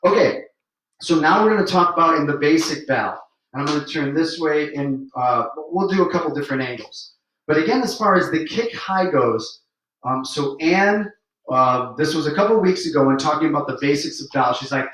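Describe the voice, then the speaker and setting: Echoey dance teacher counting steps. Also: male voice, on the high side, moderate pace, a bit bright, distant mic. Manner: demonstrating steps while counting aloud. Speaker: swing dance instructor. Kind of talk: livestream dance lesson. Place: room where he dances on camera. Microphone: camera mic at a distance. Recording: echoey room, voice from off-mic.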